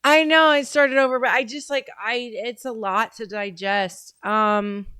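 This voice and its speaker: Slow, smooth-voiced woman host. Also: on the high side, fairly even intonation, bright, forceful tone, no room sound, studio quality. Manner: rambling, many fillers and restarts. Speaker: host reacting to a video. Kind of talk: casual commentary.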